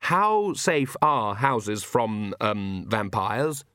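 A man's voice: on the low side, sing-song, very slow, pushed and bright, dry recording, full character voice. A timid young man who stammers and hesitates over his words, voiced by a male reader. The sound is close and dry. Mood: nervous.

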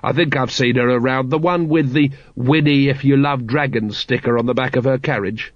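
A man voicing a weary, middle-aged city watch captain who speaks slowly and hesitantly, sounding exasperated, on a dry, slightly dull recording. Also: mid-range voice, steady tone, no echo, lightly acted.

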